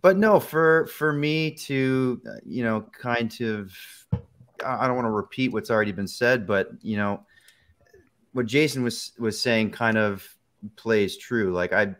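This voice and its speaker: A man's voice: medium pitch, a little slow, fairly bright tone. A male voice actor guest answering in a jokey, rambling way on a video call, laughing at himself. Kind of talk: casual interview answer.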